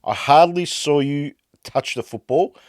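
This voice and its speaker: A man's voice: a little high, unhurried, no echo, clean studio sound. Fired-up ranting Australian man. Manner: fired-up, exasperated ranting that swings loud and quiet. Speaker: podcast host. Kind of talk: ranting fan commentary.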